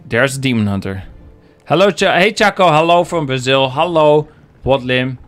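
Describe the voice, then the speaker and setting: A man casts a live strategy game match as esports commentary, joking and chatting with viewers in the chat. His medium-pitched voice is expressive and a bit bright at a moderate pace, with soft music in the background.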